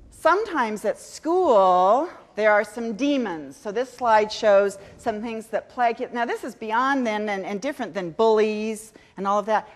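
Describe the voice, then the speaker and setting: A middle-aged woman giving a chatty, self-mocking conference talk to teachers. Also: fairly high pitch. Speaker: education speaker. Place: large conference hall. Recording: long hall reverb.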